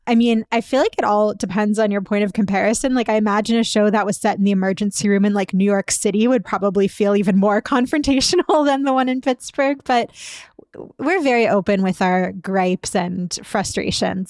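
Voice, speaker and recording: This woman producer speaks in a wry, reflective way during a casual chat. Her pitch is in the middle range, and the recording is close and dry. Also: fairly quick, a little mellow, dry recording. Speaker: executive producer.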